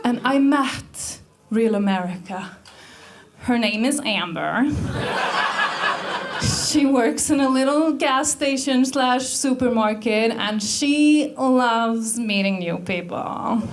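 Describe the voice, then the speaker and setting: An Icelandic woman in her thirties doing stand-up comedy, her voice sitting a little high. She tells her jokes in a dry, self-mocking way. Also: takes it slowly. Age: 30s.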